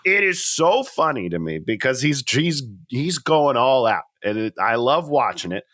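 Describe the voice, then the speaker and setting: Animated, chatty man with a bright voice. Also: medium pitch, normal speed. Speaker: podcast co-host. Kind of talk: casual chat.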